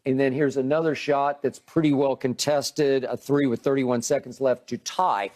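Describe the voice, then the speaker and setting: A man co-hosting a heated sports debate, walking through game clips in a measured, pointed way. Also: medium pitch, steady tone, a little mellow. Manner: measured, narrates clips, dismissive interjections.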